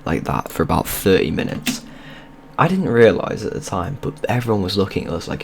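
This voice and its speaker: A man's voice: low-pitched, sing-song, brisk, creaky. A young man, telling a rambling, sweary story in casual vlog style over gameplay. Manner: rambling, sweary and loose, with many restarts. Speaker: video creator.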